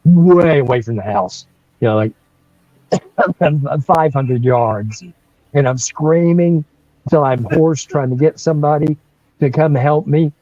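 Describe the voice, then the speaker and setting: A man's voice: a little high, unhurried, long pauses, mellow, no room sound, dull audio. A man, telling a story on a livestream in a rambling way, with restarts and chuckles. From North Carolina. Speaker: guest storyteller.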